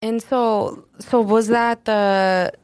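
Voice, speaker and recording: A woman hosting a casual interview, reacting with frequent laughter and quick remarks. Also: on the high side, steady tone, a little mellow, clean tone, dry recording. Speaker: host.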